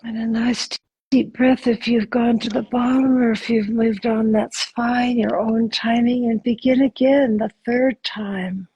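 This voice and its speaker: A woman guides listeners through a gentle body exercise in a very breathy, husky voice. She talks slowly and soothingly, drops into soft whispers, and sounds close and dry with no room around her. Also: fairly high pitch, fairly even intonation, dry recording, rough recording. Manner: soft, slow, soothing, with sighs and whispered affirmations. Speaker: host leading a guided exercise.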